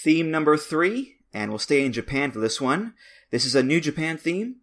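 A man's voice: on the high side, moderate pace. A man hosting a podcast, chatting casually and telling stories with enthusiasm. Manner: enthusiastic, animated storytelling. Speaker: podcast host.

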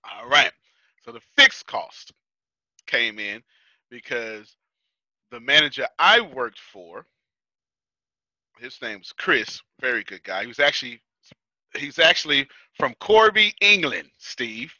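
A man's voice: mid-range voice, very animated, takes it slowly, pauses often, sharp tone, dry recording. A man teaching a business class in a chatty, casual way, laughing often and repeating himself. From United States. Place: Houston.

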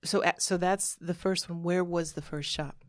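A woman's voice: fairly low pitch, steady tone, moderate pace. A woman co-hosting a podcast interview, playful and teasing as she asks questions. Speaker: podcast co-host. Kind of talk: casual interview.

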